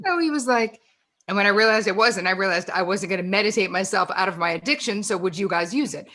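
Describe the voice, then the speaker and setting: A woman hosts a live online launch party, chatting casually over a video call. She tells stories in a lively way and laughs often, with a voice of ordinary middle pitch. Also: fast talker. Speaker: host.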